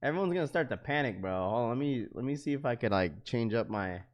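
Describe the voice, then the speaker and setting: A young man livestreaming to his chat in a casual, slangy way, getting excited and repeating himself. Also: mid-range voice, quick pace. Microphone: webcam setup.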